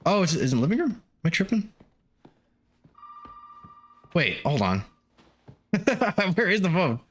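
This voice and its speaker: A man's voice: high-pitched, very animated, a little slow. A man casually commentating his game stream, swearing freely and laughing often.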